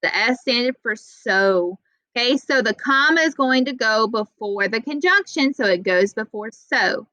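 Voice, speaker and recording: A young adult woman teaching an online writing class, patient and encouraging, reading example sentences slowly. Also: fairly high pitch, expressive, sharp tone, dry recording, low-quality recording. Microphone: video call.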